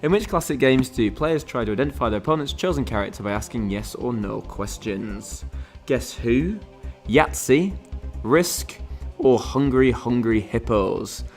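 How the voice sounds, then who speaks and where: A man's voice: medium pitch, unhurried, darkish tone, faint music behind. A man hosting a quiz game on a live stream, chatting casually and rambling with lots of fillers and restarts.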